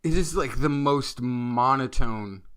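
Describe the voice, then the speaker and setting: A man co-hosting a science podcast, talking in an animated, joking way with stumbles and self-corrections. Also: mid-range voice, takes it slowly, smooth. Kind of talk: casual science chat.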